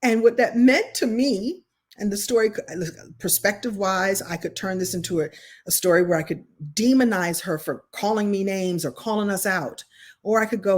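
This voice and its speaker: A middle-aged woman leads an online writing masterclass. Her voice sits in a middle register, and her delivery is expressive and conversational. She restarts her sentences often while telling stories. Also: medium pitch, normal speed. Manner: expressive, chatty storyteller with frequent restarts. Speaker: writing coach.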